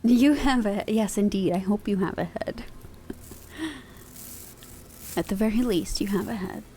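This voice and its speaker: A woman's voice: medium pitch, slow, husky. A woman streaming ASMR, slipping between whispers and crude, playful banter with her chat. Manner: soft whispers mixed with joking banter; crude and playful, laughs often.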